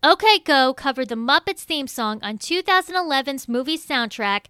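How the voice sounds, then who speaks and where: A woman giving scripted music review commentary, reading out facts and figures in an even, measured delivery. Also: high-pitched, dry recording, studio quality.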